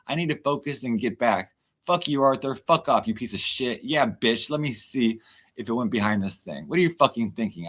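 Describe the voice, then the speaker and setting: A man's voice: mid-range voice, a bit bright. Man ranting profanely on a livestream. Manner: profane, ranting, chatty with viewers. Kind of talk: livestream rant.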